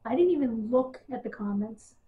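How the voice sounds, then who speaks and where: A woman's voice: fairly high pitch, lively intonation, normal speed. Woman ranting over tinny phone-like audio. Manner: exasperated, sarcastic, many ums. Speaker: wrestling news vlogger. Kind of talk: casual ranting monologue.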